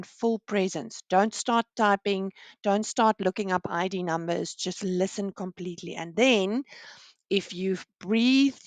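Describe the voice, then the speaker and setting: A woman's voice: medium pitch, a little mellow, dry recording. A woman giving an upbeat instructional talk as a customer care trainer, in a coaching tone. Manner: upbeat coaching tone, frequent "all right". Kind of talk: instructional direct-to-camera talk.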